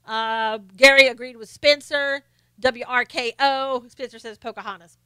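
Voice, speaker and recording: A woman's voice: on the high side, steady tone, sharp tone, smooth, no room sound. A woman from North Carolina with a faint Southern accent, hosting a live stream and chatting casually while reading viewer comments, laughing often. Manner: chatty, laughs often, slows down to mimic quotes.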